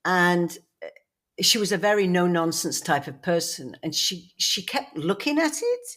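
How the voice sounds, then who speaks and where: A woman's voice: on the low side, very animated, moderate pace, a bit bright. A woman co-hosting a podcast, telling rambling anecdotes with laughs and many "you know"s. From England. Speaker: podcast co-host. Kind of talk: casual storytelling chat.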